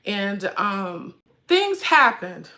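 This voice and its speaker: Woman, forties, casual livestream chat, slow unhurried talk, bright voice, emotional, holding back tears. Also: mid-range voice, big pitch swings. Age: 40s. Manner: chatty, addresses viewers as y'all. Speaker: handbag vlog host.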